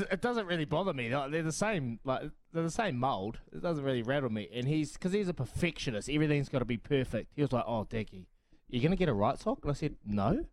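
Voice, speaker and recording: A man hosting a breakfast radio show, bantering in a jokey, matey way with lots of laughter. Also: fairly high pitch. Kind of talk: casual banter. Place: radio studio.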